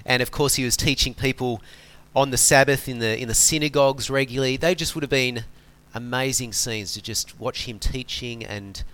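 A male preacher giving a conversational sermon. He talks in a relaxed, chatty way, like someone explaining things to friends. He often stops to ask his listeners rhetorical questions. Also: medium pitch, normal speed.

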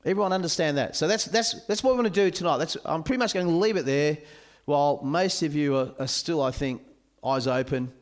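A man giving a sermon at a youth camp, animated and joking with his listeners. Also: fairly high pitch, brisk. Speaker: camp speaker.

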